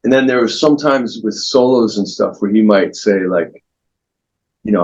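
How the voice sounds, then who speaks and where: A man being interviewed as a guest guitarist, telling long anecdotes in a rambling, relaxed way with many restarts. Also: fairly low pitch, moderate pace, husky, lo-fi sound.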